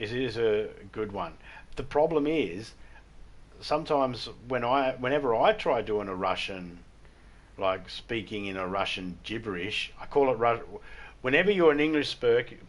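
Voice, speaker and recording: Joking Australian man, low voice. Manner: rambling, joking, irreverent. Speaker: gaming livestreamer. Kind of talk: casual chat while gaming.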